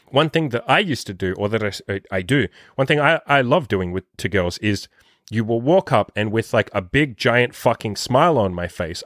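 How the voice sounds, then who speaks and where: A man giving dating advice as a podcast host, talking casually and swearing a lot, acting out quoted lines in a higher voice. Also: no echo, studio quality. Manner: profane, animated, acts out his own quotes in a higher voice. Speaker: dating coach.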